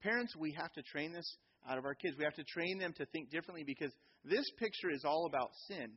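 Husky animated man preaching a sermon. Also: fairly high pitch, fast talker, highs cut off. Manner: animated, acts out children's voices. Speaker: pastor. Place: church.

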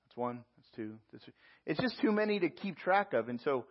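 Husky-voiced pastor preaching a sermon. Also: male voice, fairly high pitch, very animated, fairly quick, lo-fi sound. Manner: reads scripture aloud and explains it verse by verse.

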